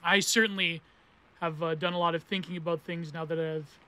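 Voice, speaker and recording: A man of thirty with a high, bright voice hosts a casual book review podcast. He rambles and corrects himself as he goes. Dense academic terms run alongside internet meme slang. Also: fairly even intonation, a little fast, smooth. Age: 30s. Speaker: podcast host reviewing philosophy books.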